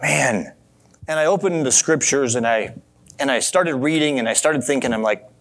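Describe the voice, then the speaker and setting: A man preaching a sermon in a relaxed, conversational way, telling a story and asking his listeners questions. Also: mid-range voice, moderate pace. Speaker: pastor.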